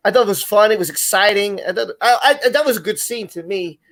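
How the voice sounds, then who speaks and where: A man's voice: high-pitched, animated, fast, a bit bright. A man hosting a live online show, talking casually and rambling with many restarts and repeated words. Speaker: podcast host.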